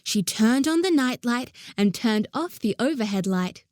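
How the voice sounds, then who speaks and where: A woman narrating a children's story in a gentle, even way. Her voice is high and she takes her time, and the recording is dry and close. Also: a little slow, hardly any pauses, dry recording. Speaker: audiobook narrator.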